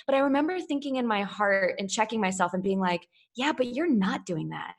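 A woman's voice: fairly high pitch, expressive, fairly quick, hardly any pauses. A woman, a Broadway performer, talking in an earnest, reflective way during a casual chat.

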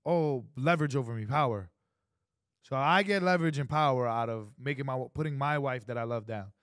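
A man in his twenties co-hosting a casual podcast chat, animated and profane, acting out quoted exchanges. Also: medium pitch, fast, no echo, studio quality. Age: 20s. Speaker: podcast co-host.

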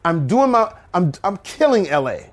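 Animated man telling comedy stories. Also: high voice, normal speed. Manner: animated, fills stories with impressions. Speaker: comedian guest. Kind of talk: storytelling in a talk-show interview.

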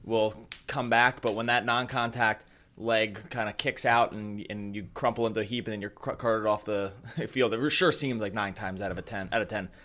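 A man's voice: lowish voice, moderate pace. A man hosting a casual sports podcast, talking energetically and rambling at times. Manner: energetic, rambling, with fillers and restarts. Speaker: podcast host.

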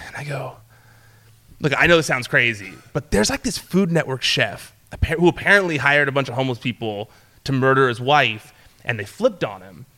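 A young man, a former entertainment reporter, telling a story in casual chat, full of fillers and restarts, acting out quotes in a higher voice. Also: brisk, sharp tone.

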